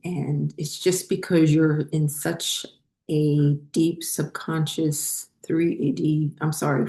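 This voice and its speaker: New woman rambling thru a personal story, low mellow voice, lots of ums, echoey room. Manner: rambling, frequent ums and self-corrections. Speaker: spiritual channel host.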